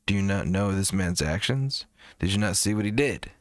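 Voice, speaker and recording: A man's voice: sits low, expressive, moderate pace, noisy background. A man hosting a live music review stream, talking in a rambling, profane, jokey way. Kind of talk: casual livestream chat.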